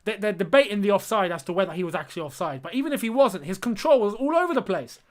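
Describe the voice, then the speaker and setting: This high, expressive male voice belongs to a fast-talking young man running a live football watchalong. Exasperated and incredulous, he addresses viewers straight on like they're his lads while reacting to and commentating on the match live.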